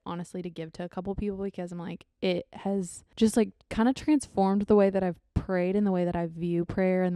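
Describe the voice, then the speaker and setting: A woman's voice: lowish voice, mellow, clean tone, no echo, clean studio sound. A young woman hosting her own podcast in a bubbly, rambling, easily sidetracked chat. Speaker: podcast host. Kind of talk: casual solo podcast chat.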